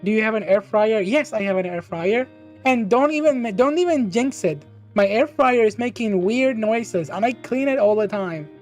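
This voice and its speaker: Woman host, higher voice, excitable and giggly, chatty stream banter over faint music. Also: normal speed. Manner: bubbly, laughs often, exclaims and restarts. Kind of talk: casual livestream chat reading viewer questions.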